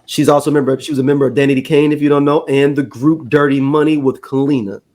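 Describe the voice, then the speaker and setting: Man co-host, slightly high voice. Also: fast talker. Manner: relaxed, reads news items with fillers. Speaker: podcast co-host. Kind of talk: casual chat.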